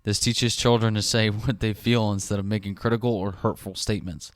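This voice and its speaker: Brief: lower-voiced New guy, crude and jokey podcast co-host, dry close sound. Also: steady tone, a little fast, no echo. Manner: crude, laughing, reads text aloud. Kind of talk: casual chat reading parenting tips.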